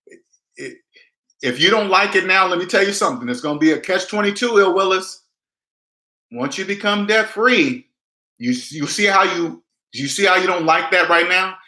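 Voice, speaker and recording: Bright, emphatic man in an echoey room. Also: sits high, normal speed. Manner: emphatic, preachy, acts out quoted people. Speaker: personal finance vlogger. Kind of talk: casual livestream talk to viewers.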